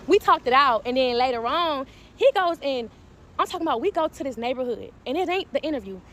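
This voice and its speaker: A woman's voice: sits high, expressive, brisk, fairly bright tone, a little hiss or hum. A young woman telling a gossipy story to her phone camera, calling her viewers y'all. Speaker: storytime vlogger. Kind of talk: casual storytime chat to camera.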